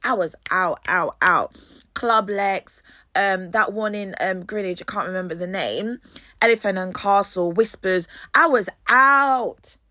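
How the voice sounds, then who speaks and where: A young woman from Jamaica with a Jamaican London accent tells embarrassing stories in an animated, profane way. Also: mid-range voice, dry recording. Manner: animated, swears freely. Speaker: host. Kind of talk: storytelling monologue.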